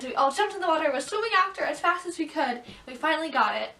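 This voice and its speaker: A woman's voice: sits high, rapid-fire, few pauses, pushed and bright. A teenage girl vlogging, telling embarrassing stories in a chatty way, full of "like" and bursts of laughter. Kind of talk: casual storytelling to camera. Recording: echoey room, mic at a distance.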